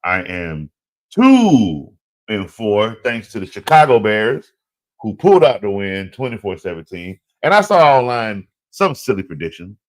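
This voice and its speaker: Man, fantasy football host, casual solo commentary, excitable, slangy, pitch jumping all over. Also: a little slow. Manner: animated, excitable, laughs often, trash-talking, slangy.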